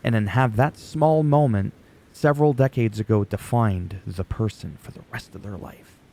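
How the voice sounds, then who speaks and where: A French-speaking man by first language, this YouTuber recaps wrestling in a sarcastic, profane rant of casual commentary. His voice is fairly low and mellow, at a moderate pace.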